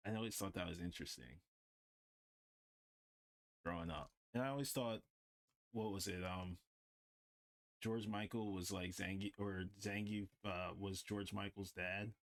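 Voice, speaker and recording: Low-voiced rambling male streamer. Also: a little slow, creaky, pauses often. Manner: rambling, heavy use of "like". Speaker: livestreamer. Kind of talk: casual chat while drawing.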